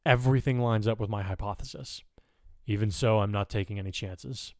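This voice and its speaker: A man voicing a confident, analytical young man speaking quietly and firmly. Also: fairly low pitch, brisk, dry recording, clean studio sound, lightly acted. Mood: grim.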